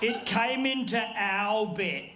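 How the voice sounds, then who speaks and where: A performer voicing a male felt puppet stand-up comedian with an Australian accent, telling a swearing, deadpan story on a live stage. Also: medium pitch, slow. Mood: ranting. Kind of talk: stand-up routine. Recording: echoey stage with audience noise.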